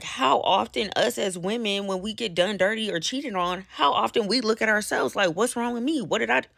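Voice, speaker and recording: A woman's voice: creaky, no room sound, clean studio sound. A woman telling a story about a talk with her boyfriend, quoting him and acting out her own reactions. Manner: animated storytelling, quotes others, swings pitch high. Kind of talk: storytelling vlog clip.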